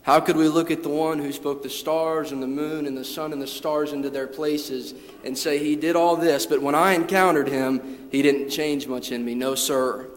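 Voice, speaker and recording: A man delivers a sermon in a fairly high voice, reading scripture and stressing words as he builds into fervent preaching. He often restarts his phrases and repeats himself. His voice rings with a long reverb. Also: steady tone, normal speed, few pauses.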